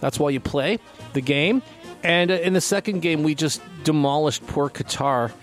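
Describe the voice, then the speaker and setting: A man from Canada hosting a radio show, talking in a loose, rambling way with plenty of ums and restarts. His voice sits a touch high for a man. Faint music plays softly beneath him. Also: moderate pace. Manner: chatty, rambling, full of fillers and restarts. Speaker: radio host. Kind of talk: casual radio chat.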